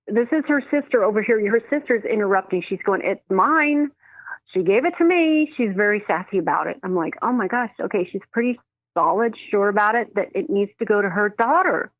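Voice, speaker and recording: A woman who works as a medium, telling stories in an animated way and acting out the voices in them. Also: medium pitch, no room sound. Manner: animated, acts out quoted voices, laughs often. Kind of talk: storytelling in a phone interview. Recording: dry tinny phone line.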